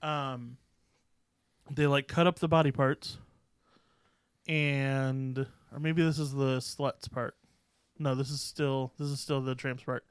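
Rambling, animated podcast man, dry mic. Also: medium pitch, slow, pauses often, clean tone, no room sound. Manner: rambling, self-correcting, animated storytelling. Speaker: podcast co-host. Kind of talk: casual chat.

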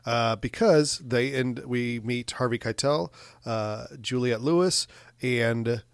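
A man's voice: medium pitch, takes it slowly, clean tone, no echo, clean studio sound. A man co-hosting a podcast, recapping a film plot in a rambling, hesitant casual chat. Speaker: podcast co-host. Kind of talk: casual movie discussion.

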